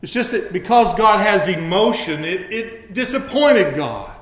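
A man preaching a sermon as pastor, dropping to hushed low asides and then rising into emphatic passages. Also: expressive, unhurried, echoey room.

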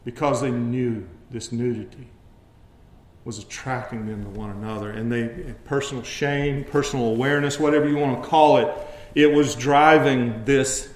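A man preaching a sermon as pastor, dropping to hushed low asides and then rising into emphatic passages. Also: moderate pace, echoey room.

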